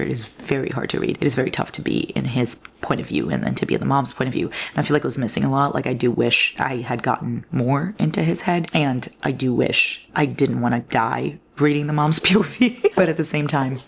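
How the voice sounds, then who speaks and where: Casual book vlogger, woman, 20s: low, gravelly, rambling, sweary, drops to whispers. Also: lively intonation, fairly quick, few pauses, slight background noise. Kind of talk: casual reading vlog.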